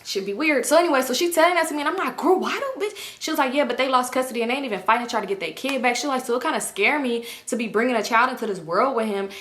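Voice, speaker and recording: Fast-talking animated young woman, storytime. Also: on the high side. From Los Angeles area. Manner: animated gossipy storytelling, acts out quoted dialogue, swears freely. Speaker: vlogger. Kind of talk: casual storytime.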